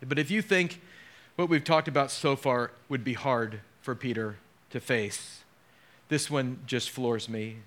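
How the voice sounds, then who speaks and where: A man preaching a sermon as a pastor, emotional and dramatic, dropping to hushed tones and rising again. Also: mid-range voice, a little slow.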